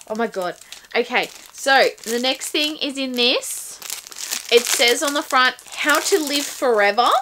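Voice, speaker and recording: A woman reviewing a subscription book box, excitedly unboxing and gushing over each item in casual chat. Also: a little high, noisy background.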